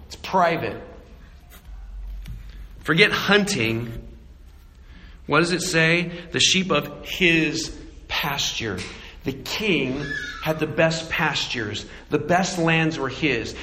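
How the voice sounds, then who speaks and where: A man preaching a sermon, animated and acting out little voices and jokes. He grew up in Arizona. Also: a little high, in a large hall. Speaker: pastor.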